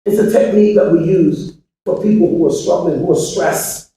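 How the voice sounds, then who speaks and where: A man with a high-pitched voice delivers a motivational speech to a hall full of listeners. He swings between shouting and hushed, preachy asides, and he keeps pressing the crowd with questions. The sound is very roomy and captured from far off in a large hall. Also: normal speed. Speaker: motivational speaker to students. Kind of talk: motivational speech to a live audience. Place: large echoey hall with an audience.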